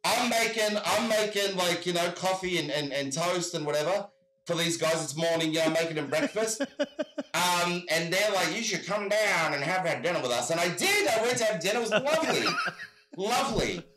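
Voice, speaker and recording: Man, Australian accent, bright voice, rambling storyteller, echoey room. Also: high voice, lively intonation, normal speed. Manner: rambling storyteller, repeats "I gotta tell you". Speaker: guest. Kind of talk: casual chat. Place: home in Michigan.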